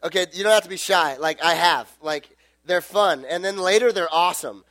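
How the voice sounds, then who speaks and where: A man's voice: high voice, normal speed, a bit bright, dry recording. A young man preaching in a casual, rambling storytelling way, full of fillers and self-corrections.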